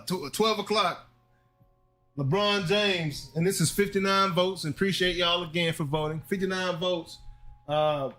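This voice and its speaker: A man in his forties co-hosting a casual sports talk show, animated and repeating himself as he talks. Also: on the high side. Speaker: podcast co-host.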